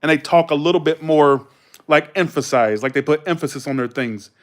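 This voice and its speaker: A man's voice: fairly high pitch, brisk. A man from the Southern US with a Southern accent, rambling casually on a live stream, swearing freely and telling stories. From Southern United States.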